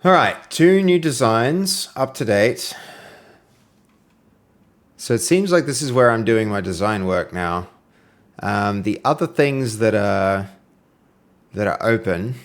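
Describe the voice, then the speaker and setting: A man with a fairly low-pitched voice talks through his game design work on a live stream. He thinks aloud as he goes, filling pauses with "um", and stops to answer messages from viewers. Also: expressive. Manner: thinks aloud with many "um" fillers. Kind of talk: live-streamed development commentary.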